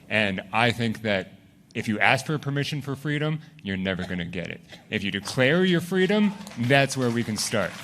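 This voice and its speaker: A man's voice: medium pitch, a bit bright, slight background noise. A man from Alberta giving an emphatic public comment at a town hall. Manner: emphatic, rising on key points.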